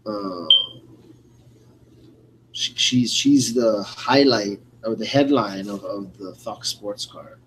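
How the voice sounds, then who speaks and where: A man's voice: lowish voice, slow pace. Casual rambling man, noisy room. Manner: rambling, casual, with many fillers. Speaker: co-host of live fight-night radio show. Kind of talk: casual play-by-play chat.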